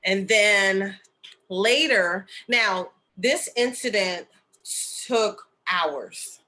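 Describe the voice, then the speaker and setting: A woman's voice: mid-range voice, extremely slow, bright, forceful tone. A middle-aged woman telling a personal story in a casual, chatty way, full of fillers and asides like "okay?" and "right?". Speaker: spiritual medium and healer sharing a story.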